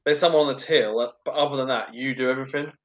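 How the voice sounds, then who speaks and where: A man's voice: mid-range voice, fairly even intonation, quick pace, dull audio. A young man, a podcast co-host, telling work stories in casual, sweary banter. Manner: swearing, storytelling with put-on quoted voices.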